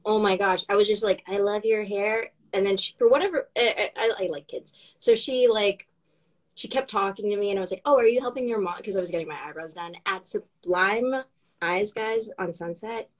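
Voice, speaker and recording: A woman's voice: mid-range voice, a little fast. A woman chatting casually as co-host, upbeat and bubbly with lots of filler words. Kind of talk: casual chat.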